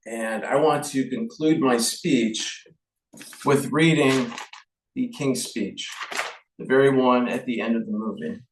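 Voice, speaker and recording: Slow-talking man with a gravelly voice. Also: medium pitch, distant mic, a little hiss or hum. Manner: slow, halting, with many fillers and restarts. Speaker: movie reviewer. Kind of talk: casual movie review, then a slow speech reading. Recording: echoey room, off-mic.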